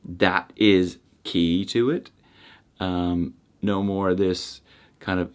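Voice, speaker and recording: A man hosting a self-help channel, giving casual meditation advice to camera in a rambling way, with restarts and soft trailing endings. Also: deep voice, little pitch movement, measured pace.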